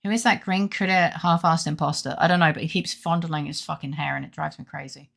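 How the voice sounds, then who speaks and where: Gravelly feverish woman streamer. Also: low voice, steady tone, a little fast, fairly bright tone. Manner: playful, swears freely, chatting with viewers. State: sick with a fever. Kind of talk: casual let's-play commentary.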